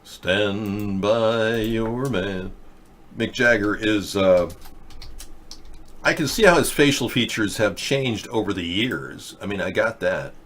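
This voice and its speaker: Low-ish guy hosting a political chat show, rambly, lots of uhs. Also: animated, measured pace, a bit bright, slightly rough. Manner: chatty, thinks aloud with many fillers. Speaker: host of a political talk show. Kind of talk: rambling casual commentary. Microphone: webcam or desk mic for a video chat.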